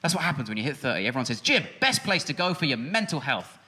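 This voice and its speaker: A man in his thirties doing a stand-up comedy set on a music hall stage, talking in a quick, sardonic way with sudden high outbursts. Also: big pitch swings, bright, forceful tone. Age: 30s. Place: music hall stage before a live audience.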